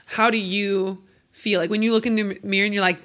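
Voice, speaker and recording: A young woman trades jokes as a podcast co-host, blunt and playful in a loose, casual way. Her tone is bright and clear at a middle pitch. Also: steady tone, a little fast. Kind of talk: casual chat.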